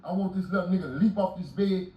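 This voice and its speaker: A man in his late forties retelling prison stories loudly and profanely, shouting at times in an animated way. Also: sits high, quick pace, lo-fi sound. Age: 40s. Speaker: guest telling prison stories. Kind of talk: storytelling interview. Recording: roomy echo, distant mic, audible noise.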